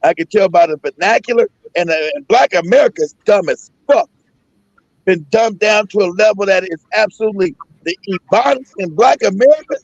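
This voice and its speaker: Gravelly, high-voiced man ranting profanely. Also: animated, a little fast, no room sound. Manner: profane, emphatic, repetitive. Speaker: host. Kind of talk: casual talk-show rant. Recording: dull lo-fi sound.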